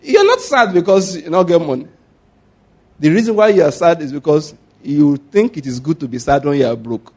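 Male pastor, 40s, lively sermon storyteller who laughs a lot and asks the crowd to answer back, slightly raised pitch. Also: moderate pace, slightly rough. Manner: animated storytelling with call-and-response questions; laughs often while preaching.

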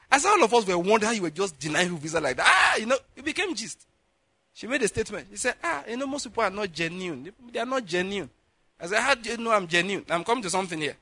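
A man from Nigeria, his voice high and the recording dry, preaches through a personal anecdote. He brings it to life by acting out the dialogue and laughs a lot along the way.

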